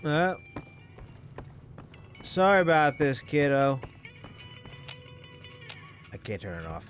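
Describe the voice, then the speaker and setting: A man's voice: a little high, big pitch swings, slow, soft background music. A man giving casual gaming commentary as a streamer, wry and self-deprecating, swearing offhandedly.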